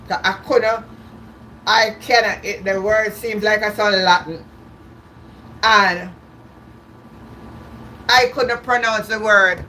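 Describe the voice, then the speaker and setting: A woman's voice: medium pitch, bright, forceful tone, slight background noise. A woman hosting a casual livestream, chatty, repeating and restarting her words and laughing often. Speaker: livestream host. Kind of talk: casual live-stream chat.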